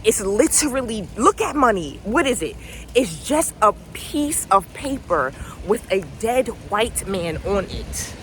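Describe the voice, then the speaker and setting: A woman's voice: medium pitch, big pitch swings, a little slow, a bit bright, slight background noise, poor audio. A woman talking casually to camera in a rambling, preachy, slangy way, outdoors near farm animals. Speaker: vlogger.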